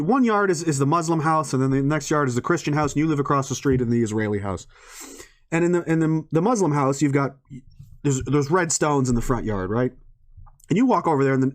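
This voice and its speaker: A man in a ranting monologue to an audience, swearing often, rambling and breaking into laughs mid-sentence. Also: fairly high pitch.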